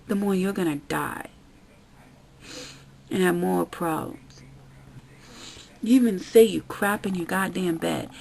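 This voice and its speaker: A woman's voice: medium pitch, creaky, mellow, slight background noise, low-quality recording. A woman vlogger ranting bluntly with lots of swearing, sounding fed up. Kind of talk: ranting commentary vlog.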